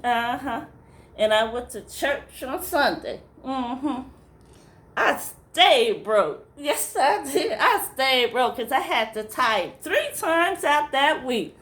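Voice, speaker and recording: A woman's voice: sits high, expressive, a bit bright. A middle-aged woman telling a comic story, answering herself with little affirmations as she goes. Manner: slow drawl, answering herself with "yes, it is" and "mm-hmm".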